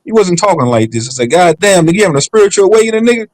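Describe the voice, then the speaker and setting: A man's voice: high voice, big pitch swings, dry recording, poor audio. A man chatting casually on a livestream, telling stories in a joking, profane way. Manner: fast, joking, profane storytelling.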